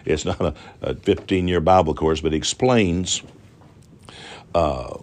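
A middle-aged televangelist preaches a televised sermon in a low, unhurried voice. He's fervent and repetitive, drawing out emphatic phrases and appealing for donations.

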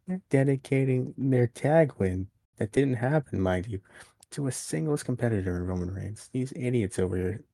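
A man's voice: mid-range voice, expressive, moderate pace, gravelly, warm tone, dry recording, studio quality. A man co-hosting a podcast, casually recapping a wrestling show at length and acting out what was said. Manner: recaps events at length, acting out quoted lines. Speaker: podcast co-host. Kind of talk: casual wrestling review chat.

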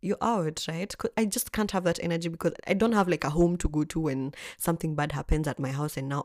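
A young adult woman tells a personal story in a vlog, animated and expressive, swearing freely. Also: lowish voice, fast, dry recording, studio quality. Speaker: vlogger. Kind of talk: storytelling chat.

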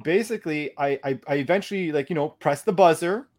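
A young man casually telling a story on a podcast, animated and profane, acting out what he said. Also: on the high side, fairly quick.

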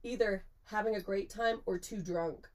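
Young woman, podcast co-host, casual storytelling, frequent laughter, swearing, medium pitch. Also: moderate pace. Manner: laughs often, animated, swears freely.

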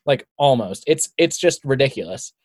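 Young male guest, casual and rambling, lively pitch, dry recording. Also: moderate pace, slightly rough, dry recording. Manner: rambling, many "like" fillers. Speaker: guest, bike racer. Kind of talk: casual chat.

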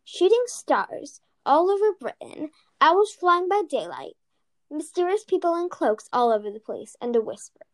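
High-voiced woman reading aloud. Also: big pitch swings, unhurried, no room sound. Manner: stumbling, self-correcting. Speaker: reader.

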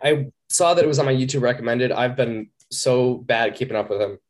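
A man with a mid-range voice co-hosts a podcast, speaking a little fast in casual chat. He rambles and pokes fun at himself as he tells stories.

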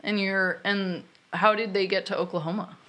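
A woman's voice: mid-range voice, fairly even intonation, moderate pace, fairly bright tone. A woman hosting a podcast, interviewing a guest in a loose, chatty way and laughing often. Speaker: podcast host. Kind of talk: casual chat interview.

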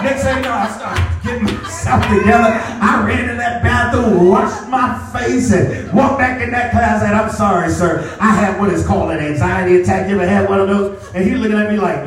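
A male pastor preaching a sermon with a personal story, animated, breaking into shouts and repeating phrases. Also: high-pitched, a little fast, hardly any pauses, soft background music. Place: church sanctuary. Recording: echoey hall, mic at a distance. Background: congregation responding.

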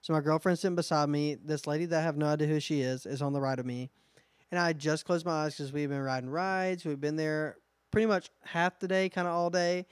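A man's voice: fairly high pitch, a little fast, smooth, dry recording. A young man co-hosting a podcast, telling stories in casual chat and acting out what people said. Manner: lively storyteller, acts out quotes. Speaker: podcast co-host.

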